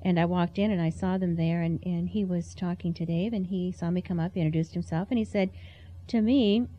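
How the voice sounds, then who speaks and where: A woman's voice: fairly low pitch, steady tone, a little fast, warm tone, muffled recording. A woman sharing a heartfelt personal testimony in an earnest, storytelling way. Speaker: interview guest.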